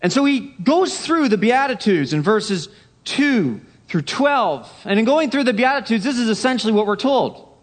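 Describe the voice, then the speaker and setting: Male pastor, high-pitched voice, emphatic sermon delivery, repeats phrases, hushed drops. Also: animated, moderate pace.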